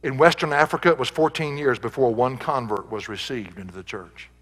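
A man's voice: mid-range voice, fairly quick, a bit bright, long reverb tail, soft background music. A male pastor preaching a sermon, reading scripture aloud and building to emphatic peaks.

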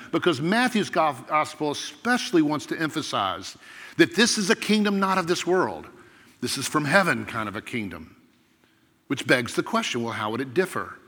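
A man preaching a sermon as pastor, earnest and emphatic, with dramatic pauses. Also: a little high, a bit bright, long reverb tail.

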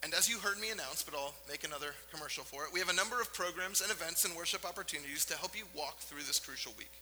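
A male pastor preaching a sermon in a church, earnest and emphatic, with dramatic pauses. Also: fairly high pitch, sharp tone, big-room sound, a little hiss or hum, rough recording. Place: church sanctuary.

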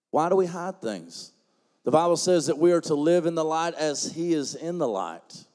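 A man preaching a sermon as pastor, folksy and joking, swinging from quiet asides to loud emphatic preaching. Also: a little high, big pitch swings, normal speed, long reverb tail.

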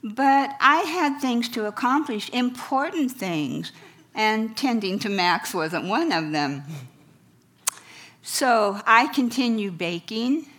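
A middle-aged woman, a counselor and speaker, tells personal stories to an audience with wry humor. Her voice is a little high, expressive, and fairly bright, and she speaks slowly.

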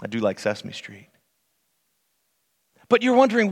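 A pastor delivering a sermon in a church, telling stories earnestly and dropping to quiet, hushed passages. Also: male voice, high-pitched, huge pitch swings, moderate pace, breathy edge. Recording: long reverb of a church hall.

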